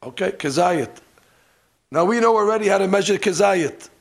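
A man teaching a hands-on religious lesson, animated and joking, dropping Hebrew terms as he demonstrates. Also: high-pitched, moderate pace, gravelly. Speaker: rabbi teaching. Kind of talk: demonstration lesson on ritual practice. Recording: archival lesson recording.

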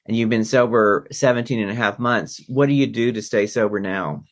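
A man's voice: on the low side, moderate pace. A man hosting a podcast, interviewing a guest in a supportive way with affirmations. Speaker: podcast host.

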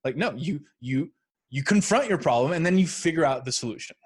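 A man's voice: a little high, lively intonation, fairly quick, husky. A man talking as a podcast guest, candid and thinking aloud with frequent restarts. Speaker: guest, app founder. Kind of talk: casual conversation.

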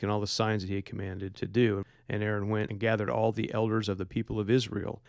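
Low-voiced man teaching the Bible. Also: no room sound, studio quality. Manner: conversational, plain-spoken explaining. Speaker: podcast host and Bible teacher. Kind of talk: devotional Bible teaching with scripture readings.

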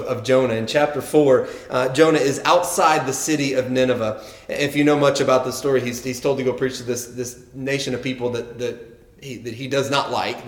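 A man's voice: medium pitch, echoey room. A man preaching a sermon earnestly, often repeating words as he builds his points and reading quotes with emphasis. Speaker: pastor.

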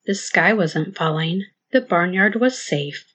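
A woman hosting and narrating a rhyming children's story in a measured, sing-song delivery. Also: on the low side, animated, fairly bright tone, husky. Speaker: storyteller host. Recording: dull lo-fi dry recording.

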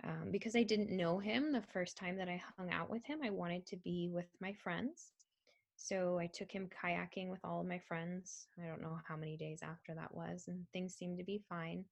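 A young woman telling a personal story in a halting, soft-spoken way, with frequent pauses and ums. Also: on the low side, steady tone, gravelly, lo-fi sound. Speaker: survivor telling her story. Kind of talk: personal testimony.

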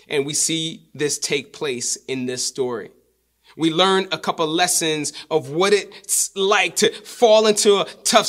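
A man preaching a sermon, repeating his key lines for emphasis and dropping his voice low to drive a point home. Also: fairly bright tone.

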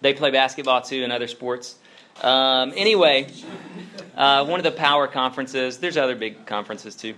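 A man's voice: mid-range voice, moderate pace, bright, forceful tone. A man preaching a casual, conversational sermon, telling stories with lots of "like" and "you know". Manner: chatty, filler-heavy storytelling with lots of "like". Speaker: pastor.

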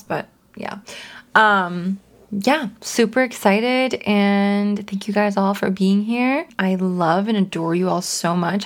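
A woman in her twenties hosting her own podcast, talking casually and earnestly, with frequent laughs. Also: mid-range voice. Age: 20s. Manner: bubbly, earnest, laughs often. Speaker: podcast host. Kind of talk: casual solo podcast talk.

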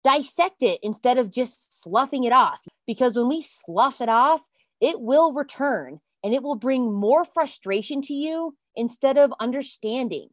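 A woman hosting a self-help podcast, giving a motivational talk in an earnest, emphatic way, calling her listeners "you guys" and bursting into excited exclamations. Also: sits high, a little slow, no room sound, clean studio sound.

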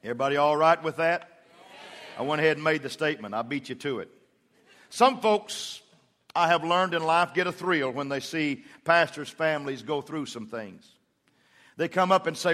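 A man's voice: fairly high pitch, lively intonation, normal speed, fairly bright tone, big-room sound. A middle-aged man preaching a sermon as pastor, telling folksy stories and acting out quotes from his congregation. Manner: folksy storytelling with acted-out quotes. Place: church.

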